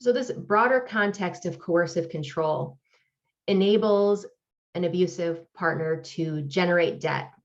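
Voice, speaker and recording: A woman professor giving an academic lecture with slides, explaining in a measured, deliberate way. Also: low voice, muffled recording. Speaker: professor presenting research.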